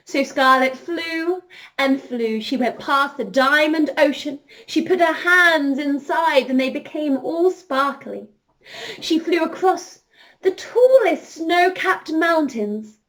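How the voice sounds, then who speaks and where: A woman telling an interactive story to children, full of excited gasps and questions aimed straight at the young listeners. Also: high-pitched, measured pace. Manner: animated, gasping, addresses children directly.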